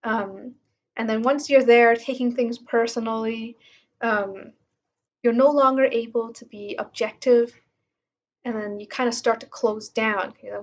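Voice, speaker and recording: A woman's voice: a little high, fairly even intonation, a little slow, highs cut off. A woman reading passages from a self-help book aloud and commenting on them in a casual way, with many fillers. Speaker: book reviewer.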